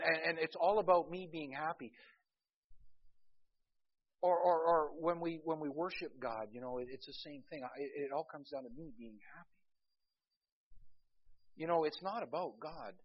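A man's voice: medium pitch, normal speed, long pauses, husky, highs cut off. A man preaching a sermon as a pastor, telling humorous anecdotes and calling out to the congregation for amens.

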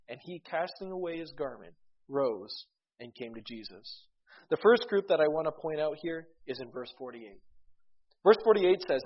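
Husky-voiced man preaching a sermon. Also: on the high side. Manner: earnest, repeats words when starting phrases; reads scripture aloud in old-fashioned wording. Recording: dull lo-fi recording.

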